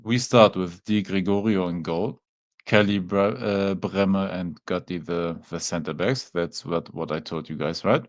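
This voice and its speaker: A man's voice: sits low, unhurried. A man with a German accent, a native German speaker, hosting a casual live watchalong and chatting to viewers with easygoing fillers. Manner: relaxed, chatty, talks to chat with fillers like "man". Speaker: watchalong host. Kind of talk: casual live-stream chat.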